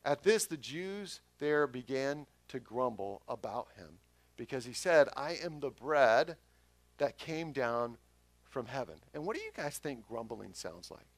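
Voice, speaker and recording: A pastor giving a conversational sermon that swells loud for emphasis. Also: male voice, medium pitch, sing-song, a little slow, no room sound.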